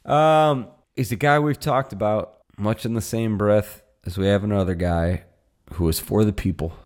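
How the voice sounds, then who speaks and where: A man's voice: on the low side, a little mellow. A man co-hosting a casual comedy podcast, teasing his partner, drawing words out and swearing. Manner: teasing, drawn-out emphasis, profane. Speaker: podcast co-host.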